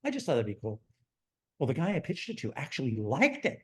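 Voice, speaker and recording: A man's voice: medium pitch, fairly quick. A man in his sixties, a theme park designer telling stories from his life in an interview, acting out the voices of people he quotes. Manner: animated, acts out quoted dialogue in his telling. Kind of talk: storytelling in conversation.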